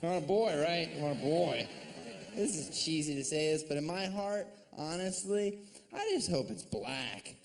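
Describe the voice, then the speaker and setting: A man doing a sardonic, mocking stand-up comedy set on stage, slipping into shrill put-on voices. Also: animated, unhurried, gravelly. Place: comedy stage before a live audience. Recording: live stage recording with audience noise.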